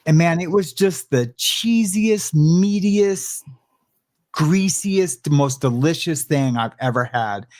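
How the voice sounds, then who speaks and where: A man's voice: a little high, slow pace, a little mellow. A man casually sharing prison stories, rambling and searching for words with frequent restarts. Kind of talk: casual storytelling chat.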